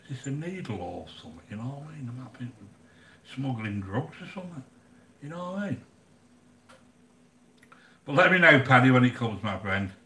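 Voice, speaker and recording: An older English man with an everyday mid-pitched voice talks casually to his viewers. He is chatty and blunt, grumbling and joking as he goes. His voice carries a noticeable room echo. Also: lively intonation, moderate pace, pauses often, pushed and bright. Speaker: livestream cooking channel host. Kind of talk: casual live chat with viewers.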